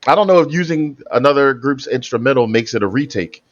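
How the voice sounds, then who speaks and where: A man's voice: mid-range voice, animated, brisk, no echo, muffled recording. A man hosting a reaction video, explaining his view in hesitant, rambling sentences. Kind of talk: casual reaction commentary.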